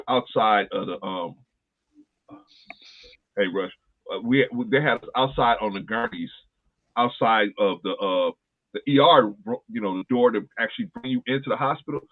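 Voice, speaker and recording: Over a tinny, phone-like line, a podcast host shares a personal story in earnest, keeping it casual and repeating phrases for emphasis. His voice is mid-range and his pace moderate.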